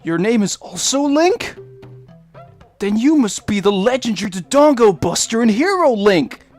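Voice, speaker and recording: A man voicing a small, scared, eager Goron boy from a video game, in a soft, gentle, crying voice. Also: sits high, big pitch swings, measured pace, soft background music. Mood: starstruck.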